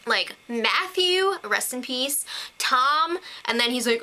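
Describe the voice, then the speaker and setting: A young woman chats through a TV episode recap, gushing and quick to laugh. Her voice sits a little high and sounds bright and crisp. She talks casually straight to her viewers. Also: expressive. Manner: gushing, chatty, with laughs and fillers. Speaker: TV recap vlogger.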